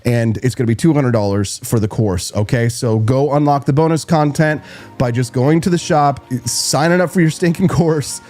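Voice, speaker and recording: A man hosting a political talk show, ranting loudly and mocking his opponents. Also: medium pitch, normal speed, faint music behind. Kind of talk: heated political rant.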